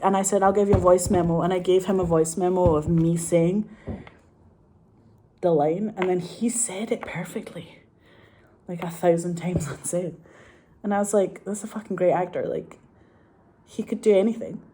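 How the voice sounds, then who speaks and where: A middle-aged woman from Scotland with a Glaswegian accent talks to camera in a loose, rambling way. Her voice sits fairly low with a warm, mellow tone. She swears freely and laughs often as she chats about her work as a director. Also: normal speed, long pauses, a little hiss or hum. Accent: Glaswegian Scottish. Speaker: film director. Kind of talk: casual chat to camera.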